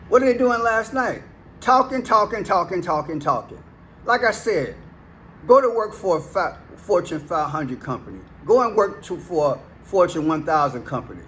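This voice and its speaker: A man's voice: fairly high pitch, slight background noise. Emphatic preachy man with a raised voice. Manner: preachy, emphatic, rhetorical questions. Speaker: commentary vlogger. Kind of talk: monologue commentary.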